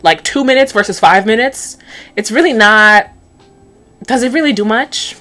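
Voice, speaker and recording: A woman's voice: a little high, normal speed, pushed and bright, soft background music. A woman in her twenties, a beauty vlogger, chatting casually and sarcastically through a cartoon episode recap while doing her makeup, with plenty of "like" fillers.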